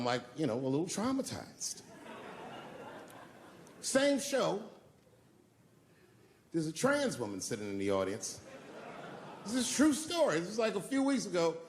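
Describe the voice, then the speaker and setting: A man on a live comedy stage, his voice gravelly with a bit of fry. He tells long profane stories in a loose, conversational way and answers the crowd's questions. A faint hiss sits under the recording. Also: medium pitch. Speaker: stand-up comedian taking audience questions. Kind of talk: stand-up storytelling and Q&A.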